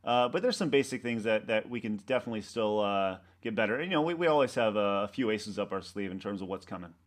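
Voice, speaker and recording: A man, a website co-founder, talking in a casual interview, rambling and halting with many restarts and fillers. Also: lowish voice. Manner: animated storyteller acting out coworkers' lines.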